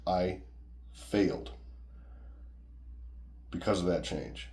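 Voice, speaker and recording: Deep-voiced man telling a rambling story. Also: fairly even intonation, slow, pauses often, a little mellow. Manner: rambling, profane, conversational. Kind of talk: casual personal storytelling.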